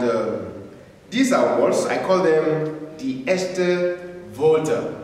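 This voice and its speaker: In a classroom with a board, a man teaches beginners' German in a slow lecture, patiently drawing out each word and repeating it for learners to say after him. His voice is medium-pitched and heard from far off in an echoey hall, with slight background noise.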